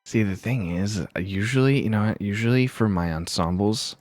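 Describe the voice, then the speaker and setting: A man with a very low, deep voice talks quietly through his work in soft-spoken ASMR style. He pauses often and thinks aloud in a hushed, unhurried way. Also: faint music behind. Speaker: streamer.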